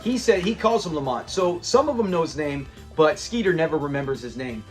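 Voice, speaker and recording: Casual male reviewer, high-pitched, animated recap delivery with frequent laughs. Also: brisk, faint music behind. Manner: animated retelling, laughs often, mimics lines. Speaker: show reviewer.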